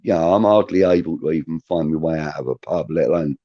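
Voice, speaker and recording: A man's voice: rumbling low, fast talker, mellow, dry recording, lo-fi sound. A middle-aged man, a podcast co-host telling a rambling anecdote in a casual way. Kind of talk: casual storytelling.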